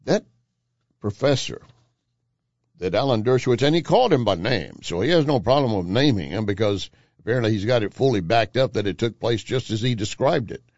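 A man hosting talk radio, emphatic and insistent. His pitch swings widely as he repeats key phrases. The sound is dry and slightly dull, like a broadcast feed. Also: lively intonation, a little fast, a little mellow, no room sound. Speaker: radio talk show host.

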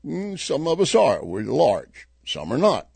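A man's voice: on the high side, measured pace, gravelly, slightly rough, no echo. A middle-aged man hosting a talk radio show, commenting on news and telling a joke with chuckling asides. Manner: animated storyteller, chuckling asides.

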